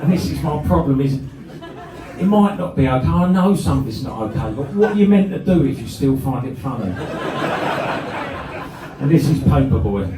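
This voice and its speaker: A man's voice: on the high side, big pitch swings, normal speed, pauses often, distant mic, heavy background noise. A man telling a sweary comic story on a club stage and laughing through it. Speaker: comedy band frontman. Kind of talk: live stand-up storytelling. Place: club stage with a live crowd. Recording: roomy live club recording from the crowd.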